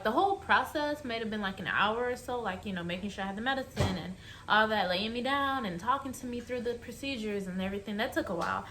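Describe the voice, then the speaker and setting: A young adult woman vlogs to camera, telling a personal story in a chatty, emotional way straight to her viewers. Her medium-pitched voice has a sharp tone, with a little hiss or hum on the recording.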